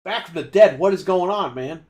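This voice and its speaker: A man's voice: high voice, animated, moderate pace, darkish tone. A man co-hosting a gaming podcast, ranting in a heated, profane way. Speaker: podcast co-host. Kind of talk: casual gaming podcast rant.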